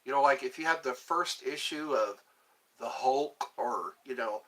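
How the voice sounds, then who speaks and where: A man's voice: mid-range voice, unhurried, a bit bright. A man hosting a live stream, chatting casually and reading viewer comments, often stumbling and repeating words. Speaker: livestream host.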